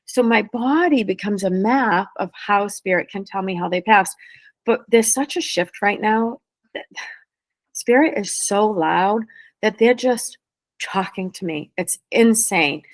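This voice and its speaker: Fast-talking woman in a dry room. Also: medium pitch, dry recording. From New England. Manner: lively, fast-flowing explanations. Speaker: spirit medium guest. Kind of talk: casual interview talk.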